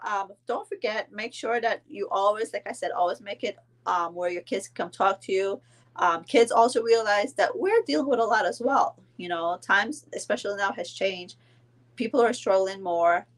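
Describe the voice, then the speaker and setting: Chatty woman from Belize, 40s, loose rambling live-stream delivery. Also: medium pitch. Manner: chatty, rambling, many fillers and restarts. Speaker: vlogger. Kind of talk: casual live-stream chat.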